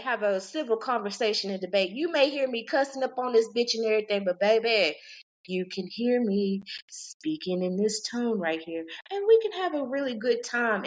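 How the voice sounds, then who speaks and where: A woman's voice: a little high, fairly bright tone. A woman in her forties hosting a podcast, ranting in a chatty, rambling, profane way. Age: 40s. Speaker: podcast host. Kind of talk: casual ranting podcast talk.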